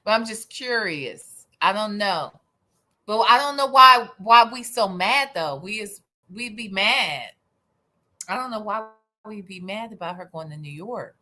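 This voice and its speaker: A woman's voice: mid-range voice, lively intonation, unhurried, pushed and bright. A woman hosting a livestream, giving sarcastic commentary in a teasing, mock-outraged manner. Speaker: livestream host.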